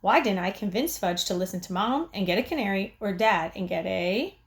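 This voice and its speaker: A woman's voice: medium pitch, expressive, fairly quick, natural voice. A woman reading the lines of an exasperated, sarcastic older brother, near her own voice. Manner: sarcastic, grumbling.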